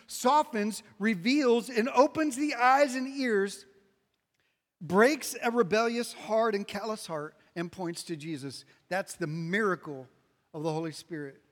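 Male pastor, high-pitched, preaches with repetitive emphasis and sharp loud-soft swings, long hall echo. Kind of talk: sermon. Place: large room with an audience.

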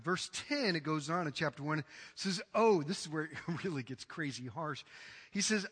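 A man's voice: fairly high pitch, animated, moderate pace, a bit bright, slightly rough. A man preaching a sermon as pastor, emphatic and dramatic, often acting out quotes. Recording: reverberant hall.

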